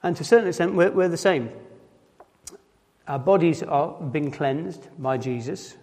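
Male preacher with a Nottinghamshire accent, fairly high voice, loose stop-start delivery, long church reverb. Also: a little mellow. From Nottinghamshire, England. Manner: halting, repeats words and restarts often. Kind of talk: informal sermon.

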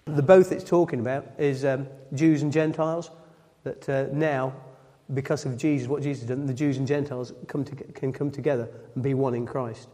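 A man's voice: mid-range voice, fairly even intonation, moderate pace, few pauses, mellow. A man preaching a sermon, reading scripture aloud and then explaining it, often repeating his phrases and correcting himself. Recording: long hall reverb.

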